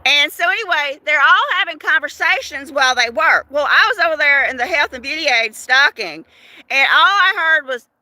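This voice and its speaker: A woman's voice: sits high, expressive, normal speed, sharp tone, dry recording. An older woman hosting a casual livestream, chatting in a gossipy way, laughing often and asking her viewers questions. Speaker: livestream host. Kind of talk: casual live chat.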